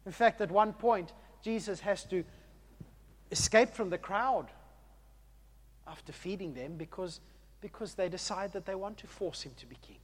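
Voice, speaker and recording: A man preaching a sermon in an emphatic way, moving between hushed and loud passages and often repeating words. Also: sits high, moderate pace, pauses often.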